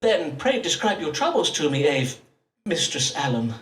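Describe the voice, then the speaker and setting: An actor playing a self-important Elizabethan astrologer-doctor in a game, speaking in grand, archaic phrases. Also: male voice, fairly high pitch, sing-song, moderate pace, a bit bright, reverberant, distant mic. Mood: grandiloquent. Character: pompous Elizabethan astrologer-doctor, adult man.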